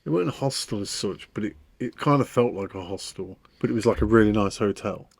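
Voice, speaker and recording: A man co-hosting a podcast, telling stories in a casual, animated way. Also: on the low side, brisk, vocal fry, breathy edge, no echo. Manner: animated storytelling with frequent laughs. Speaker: podcast co-host. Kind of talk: casual chat.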